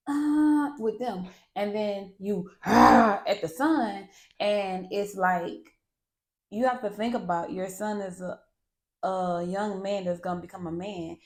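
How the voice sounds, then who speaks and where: A woman podcast host talking straight from the heart, blunt and animated. She swears freely and keeps checking in with her listener. Her voice sits at an ordinary middle pitch. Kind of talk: candid monologue.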